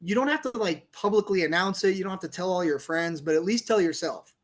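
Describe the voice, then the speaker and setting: Animated high-voiced male storyteller. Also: fast talker. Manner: animated storyteller, laughs often, acts out quotes. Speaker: guest, police officer turned author. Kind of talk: casual storytelling interview.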